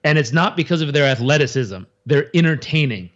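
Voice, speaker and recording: A man giving an interview in a casual, animated way, acting out crowd reactions and often restarting his sentences. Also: fairly high pitch, brisk, highs cut off. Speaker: interview guest.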